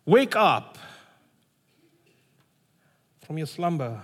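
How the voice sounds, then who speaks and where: Man, preacher, high voice, sermon, animated storytelling, long hall reverb. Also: drawn-out words. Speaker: pastor.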